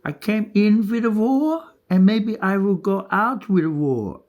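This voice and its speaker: A half-grinning old father with a slow, foreboding delivery, put on by a man in an exaggerated high voice. The recording is dull and lo-fi, and the voice sounds set back from the mic. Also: lively intonation. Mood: ominous. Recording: dull lo-fi audio.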